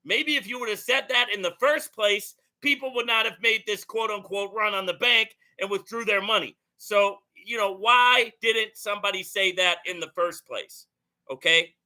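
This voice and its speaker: A man with a very bright, sharp voice and a high pitch hosts a commentary video. He talks in an animated, emphatic way, pressing his points home and asking his audience "right?" again and again. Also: normal speed. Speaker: host. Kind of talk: commentary on played clips.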